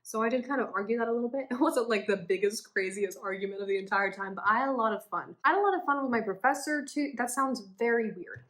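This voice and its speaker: A woman's voice: fairly high pitch, quick pace, few pauses, a bit bright. Rambling woman in her twenties, casual. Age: 20s. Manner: chatty, swears, self-deprecating, frequent laughs. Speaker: vlogger. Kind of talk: casual rambling chat while coloring.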